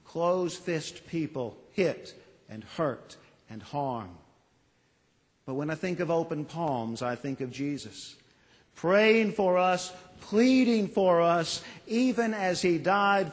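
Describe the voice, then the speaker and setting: Male pastor, fairly high voice, slow deliberate sermon delivery with long pauses; ringing church acoustics. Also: lively intonation, long reverb tail. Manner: earnest, pleading, with dramatic pauses. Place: church sanctuary.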